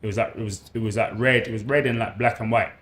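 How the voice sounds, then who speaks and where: A man's voice: on the low side, steady tone, fast talker, fairly bright tone. A man in his thirties with a London accent, a sports presenter chatting as a podcast guest in a laid-back, slangy way, repeating phrases as he thinks. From South London, England. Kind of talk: casual podcast chat.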